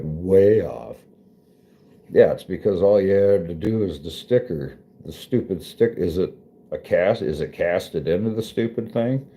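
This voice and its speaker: A man's voice: low voice, vocal fry, dark tone. A man chatting casually with viewers, swearing and joking, often laughing. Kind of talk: casual chat.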